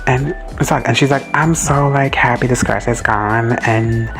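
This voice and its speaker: A man giving a casual recap and reaction to a show. He rambles excitably, swears freely and drops into quick quoted asides. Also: mid-range voice, faint music behind. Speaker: reaction video host.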